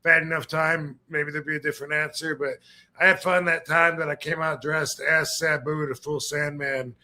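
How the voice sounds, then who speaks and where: Chill host guy rambling thru a story, bright tone, kinda high. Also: flat delivery, moderate pace. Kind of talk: casual chat.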